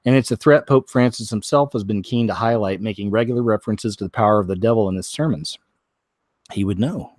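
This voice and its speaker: A man hosting a show, reading news stories aloud, stumbling over words, clearing his throat and adding wry comments of his own. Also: fairly low pitch, expressive, normal speed, darkish tone, dry recording, studio quality. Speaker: host.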